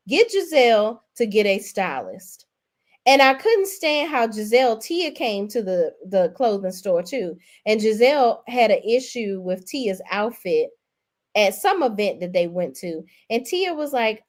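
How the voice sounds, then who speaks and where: A woman reviewing reality TV episodes in a casual, talky way at a medium pitch. She is sassy and blunt, swears freely and leans hard into her punchlines. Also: measured pace. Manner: animated and emphatic. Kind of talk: casual recap commentary.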